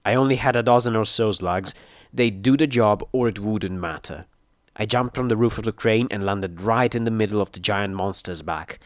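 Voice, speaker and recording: A man reading an action story aloud in first-person narration, with steady, dramatic storytelling. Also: fairly low pitch, moderate pace, dry recording, studio quality. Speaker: audiobook reader.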